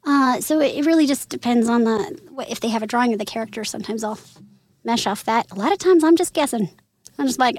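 Woman from missouri in her 30s, fairly high voice, chatty and animated, laughs a lot, dry recording. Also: no echo. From Missouri, USA. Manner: animated storyteller, laughs often, quick asides. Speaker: voice actress guest. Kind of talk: casual interview chat.

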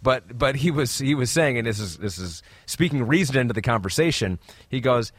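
A young man hosting a sports podcast, lively, steering the talk with questions. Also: medium pitch, a little fast, no echo. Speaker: podcast host. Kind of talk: casual sports podcast chat.

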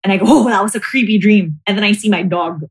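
A woman, a podcast guest telling a ghost story in a casual, animated way and laughing often. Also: fast, slightly rough. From Philippines. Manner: animated storyteller, acts out quotes in high squeals, laughs often.

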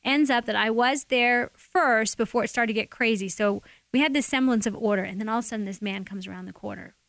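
A woman guest sharing a personal faith testimony in a lively, expressive storytelling manner. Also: fairly high pitch, quick pace, creaky, no room sound. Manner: animated, acts out quotes.

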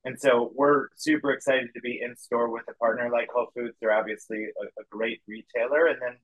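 A man speaking as a guest in a casual interview, upbeat while pitching his company's launch. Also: fairly even intonation, brisk, a bit bright, dry recording, rough recording.

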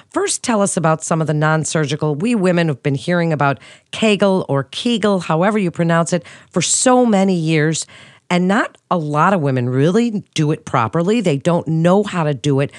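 A woman's voice: lowish voice, no echo, studio quality. Woman interviewer asking questions. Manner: conversational, asks questions.

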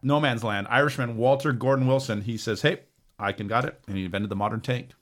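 A man co-hosts a casual podcast and works through a researched list of facts. His voice sits at a middle pitch, and he trips over words now and then. He jokes along the way. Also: fast. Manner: reads a list with jokes and stumbles.

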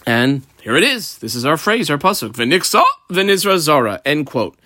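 A man teaching a Talmud page line by line, in a lively, sing-song study cadence. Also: fairly high pitch, moderate pace, no room sound, studio quality. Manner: explains line by line, mixing Hebrew and Aramaic terms. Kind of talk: Talmud lesson walkthrough.

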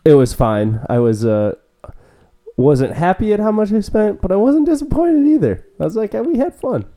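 A man's voice: high voice, very animated, normal speed, mellow. A man co-hosting a podcast, adding details in a laid-back casual chat.

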